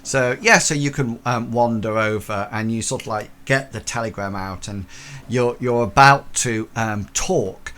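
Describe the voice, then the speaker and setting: A man's voice: mid-range voice, a little slow, fairly bright tone. A man narrating a tabletop horror game as game master, rambling through many fillers and restarts.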